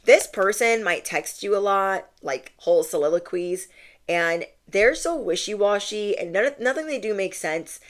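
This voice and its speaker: A woman's voice: mid-range voice, lively intonation, measured pace. A young woman giving a casual spiritual tarot reading and talking to viewers in a chatty, emphatic way. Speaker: tarot reader.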